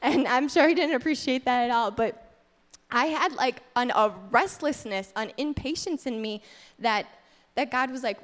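A woman with a fairly high voice teaches a casual sermon in a candid, self-deprecating way. Her words ring with a long hall reverb, as in a church sanctuary. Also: normal speed, fairly bright tone.

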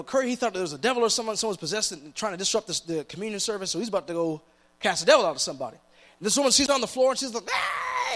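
Male preacher, high voice, lively swooping delivery, scripture reading and plain explanation, faint mains hum. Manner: reads scripture then explains in plain talk, acts out scenes. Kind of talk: sermon.

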